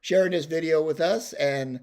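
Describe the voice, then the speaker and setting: A man's voice: a little high, normal speed, a little mellow. Rambling, folksy man telling a story. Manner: rambling and folksy, with many fillers and restarts. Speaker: storyteller host. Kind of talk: casual storytelling vlog.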